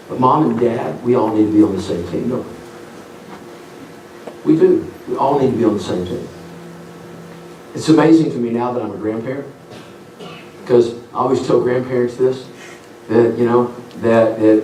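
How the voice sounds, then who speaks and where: A man's voice: medium pitch, a little mellow, a little hiss or hum. A middle-aged man preaching a revival sermon in a folksy storytelling way. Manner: folksy storytelling, acts out voices. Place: church sanctuary. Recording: roomy church hall from a distant mic.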